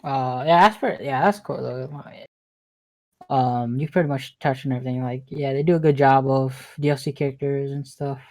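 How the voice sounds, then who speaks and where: A man's voice: medium pitch, fairly even intonation, normal speed. A young man co-hosting a gaming podcast in casual chat, drowsy and yawning, trailing off between thoughts. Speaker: podcast co-host.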